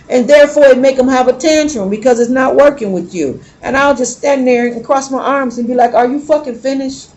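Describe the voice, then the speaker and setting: A woman's voice: sits high, a little mellow. A woman tarot reader talking bluntly and emphatically in a casual, heavily profane monologue.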